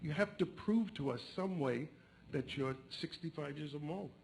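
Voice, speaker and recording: A man's voice: a little high, animated, moderate pace, creaky, a little mellow, poor audio. A man telling jokes, switching into character voices for the punchlines. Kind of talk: joke telling. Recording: faint background noise.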